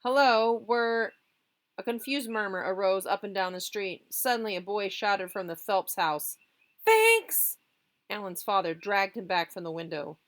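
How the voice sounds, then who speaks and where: Expressive woman reading a storybook aloud. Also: medium pitch, normal speed, few pauses. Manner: lively, expressive. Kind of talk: reading a children's novel aloud.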